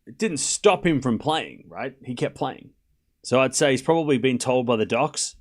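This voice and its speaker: A man's voice: mid-range voice, animated, moderate pace. Chatty Australian man calling tennis live. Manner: rambling, self-deprecating, swears casually. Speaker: live stream host. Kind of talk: casual live commentary to chat.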